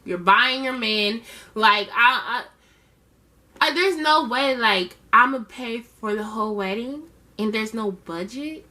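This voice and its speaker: Casting note: woman reviewer, bright, forceful voice, a bit high, sassy and slangy. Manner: chatty, sassy, slangy asides. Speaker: reality show reviewer. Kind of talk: casual recap commentary.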